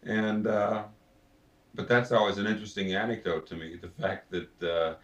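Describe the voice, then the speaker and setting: Animated male voice actor telling stories. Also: on the low side, moderate pace, muffled recording. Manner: animated storyteller, slips into voices. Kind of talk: interview anecdotes. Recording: roomy, distant mic.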